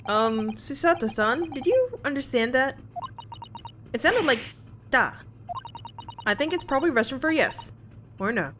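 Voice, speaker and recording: A woman's voice: sits high, very animated, a little slow, long pauses, noisy background, pitched above the performer's own voice. A woman voicing a polite, hesitant young male student lawyer as she reads game dialogue aloud. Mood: inquisitive.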